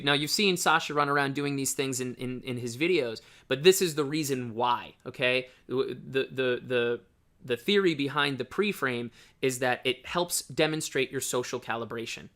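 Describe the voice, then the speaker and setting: A man's voice: medium pitch, moderate pace, fairly bright tone. A man coaching on dating in casual, blunt talk, often checking in with the listener by asking "right?".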